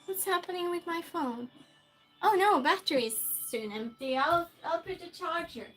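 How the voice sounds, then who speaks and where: A woman streamer cooks in her home kitchen, chatting casually with her viewers and talking to herself as she goes. Her voice is extremely high and fairly bright, with lively intonation at a normal speed, and faint music plays in the background.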